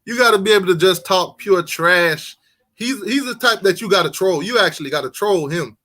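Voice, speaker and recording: A man's voice: high-pitched, expressive, fairly quick, pushed and bright. A man hosting a casual sports live stream, reading out donations and chatting in a laid-back way, laughing easily.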